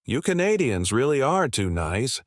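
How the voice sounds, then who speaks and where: A man's voice: mid-range voice, big pitch swings, normal speed, dry recording, clean studio sound, pitched above the performer's own voice. A man doing a sneering sarcastic barista. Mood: mocking. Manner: sneering, taunting. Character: sarcastic mocking young barista.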